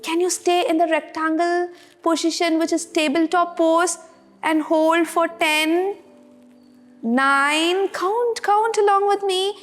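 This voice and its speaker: A woman's voice: extremely high pitch, fairly even intonation, slow. A woman leading a playful yoga class for kids, counting poses aloud and encouraging them. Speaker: yoga instructor.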